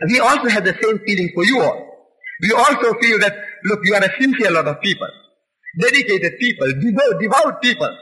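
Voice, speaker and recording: A man delivers a fervent religious lecture in a high voice that swings widely in pitch. His tone is strikingly bright and sharp. He hammers his points home with repeated rhetorical questions. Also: expressive, brisk, low-quality recording. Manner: rhetorical, emphatic, many questions.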